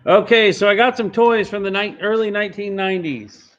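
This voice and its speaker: A man running a live online charity auction, calling and repeating bids briskly. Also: high voice, a bit bright. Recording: dull lo-fi stream audio.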